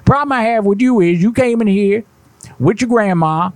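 A man voicing a cranky, foul-mouthed old grandpa ranting at a prank-call target in rough slang. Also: high-pitched, normal speed, dry recording, pitched above the performer's own voice. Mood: irate grumbling. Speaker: prank caller.

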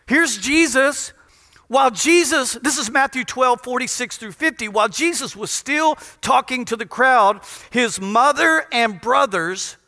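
A man from Louisiana preaching to a congregation in a joking, emphatic way, his voice pitched very high for a man and bright. The sermon rings out with a long reverb in a big church hall. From Louisiana, USA. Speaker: pastor. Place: large church in front of a congregation.

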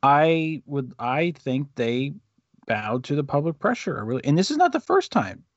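A man co-hosting a casual podcast, easygoing and halting, often laughing. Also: a little high, sing-song, no room sound, lo-fi sound. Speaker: podcast co-host. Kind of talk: casual chat.

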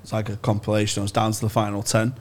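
A man co-hosting a comedy podcast, chatting casually with quick, laughing banter. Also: lowish voice, monotone, background noise. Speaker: podcast co-host.

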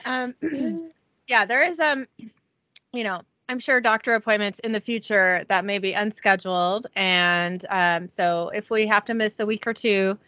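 A woman's voice: medium pitch, measured pace, bright, forceful tone, no room sound, lo-fi sound. A woman co-hosting a casual podcast, chatting with a giggly manner as she recaps a TV episode and reads out lines of dialogue. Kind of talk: casual chat. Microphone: headphones with a home mic.

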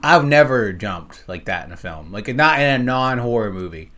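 A man chatting on a comedy podcast, ranting in an animated, profane way. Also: fairly low pitch, moderate pace. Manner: animated, profane, ranting with loud acted outbursts. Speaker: podcast guest. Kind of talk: casual comedy podcast chat.

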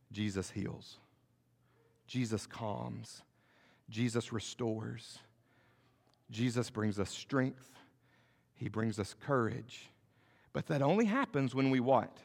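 A middle-aged male pastor preaching a sermon, swinging between loud and soft and asking the congregation rhetorical questions. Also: mid-range voice, gravelly, in a large hall.

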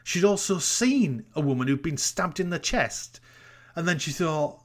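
A man's voice: a little high, expressive, measured pace. A man recapping a TV episode in casual podcast chat, incredulous and sweary as he rants about its plot holes. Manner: incredulous, ranting storyteller, sweary.

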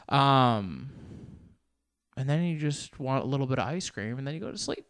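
A man's voice: mid-range voice, expressive, normal speed, fairly bright tone, clear, resonant tone. A young man in a loose, joking solo monologue, swearing and restarting often as he rambles.

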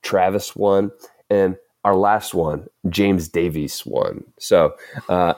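Brief: male podcast host with a deep voice, easygoing and chuckly, dry booth sound. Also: slow pace, darkish tone, no echo. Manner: laid-back, filler-heavy, chuckling. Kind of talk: casual podcast chat.

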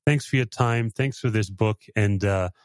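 A man's voice: on the low side, normal speed, no echo, clean studio sound. A man hosting an interview podcast, talking in an earnest, thoughtful and emphatic way. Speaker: podcast host. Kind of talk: interview conversation.

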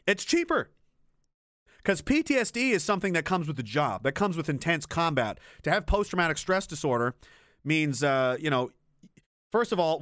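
A young man, speaking in a fairly high, smooth, resonant voice. It sounds dry and close, with no room echo. He rants bluntly and profanely as a streamer, trailing off and restarting his sentences. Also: a bit bright. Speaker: streamer and military veteran. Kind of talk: casual unscripted rant.

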